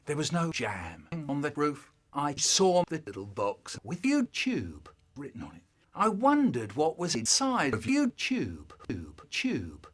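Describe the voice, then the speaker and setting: A man telling comic anecdotes in a theatrical way, swinging from loud outbursts to mutters. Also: fairly high pitch, huge pitch swings, measured pace, slightly rough. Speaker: storyteller. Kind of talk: comic anecdote narration, chopped and remixed.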